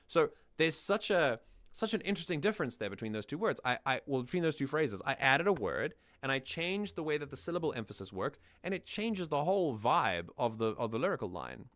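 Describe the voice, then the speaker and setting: A man's voice: on the high side, very animated, brisk, a bit bright, no room sound. A man hosting a casual music analysis, explaining thoughtfully and often restarting his sentences. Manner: sings lines back to demonstrate. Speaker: music reaction host.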